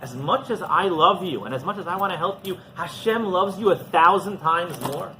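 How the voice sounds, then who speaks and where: A man voicing a patient, wise spiritual master who calmly questions and teaches. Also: high voice, moderate pace. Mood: tender. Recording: noisy background.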